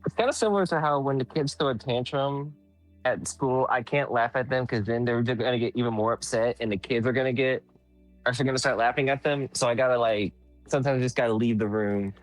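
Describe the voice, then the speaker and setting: A man's voice: mid-range voice, fairly quick, soft background music, low-quality recording. A man who teaches young children, telling classroom stories in casual chat with playful exaggeration. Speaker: school teacher.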